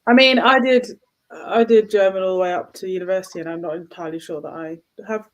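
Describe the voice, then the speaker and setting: A woman co-hosting a casual reading call, calm and dry, keeping the group on track. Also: medium pitch, fast. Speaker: co-host. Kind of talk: casual chat.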